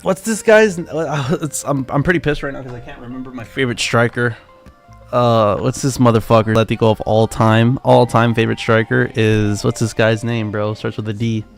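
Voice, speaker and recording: A young man with a gravelly, fry-laced voice, rambling through a casual live-stream chat. He curses freely and talks in excitable, slangy bursts. Soft music plays faintly underneath. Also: medium pitch, moderate pace. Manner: profane, excitable, slangy banter. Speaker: livestream trading host.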